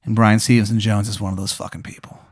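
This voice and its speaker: A man's voice: fairly low pitch, little pitch movement, fast, dry recording, studio quality. A man spinning an improvised comic hypothetical, rambling and profane, full of fillers. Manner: rambling, profane, lots of fillers and silly voices. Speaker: podcast host posing a hypothetical. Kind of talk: improvised comedic storytelling.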